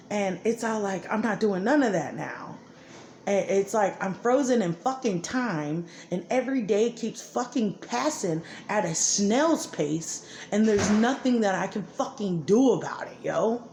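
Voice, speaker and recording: A woman's voice: mid-range voice, measured pace, darkish tone. A woman ranting angrily and profanely about her life and her children's father. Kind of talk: angry personal monologue. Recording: echoey room with faint background noise.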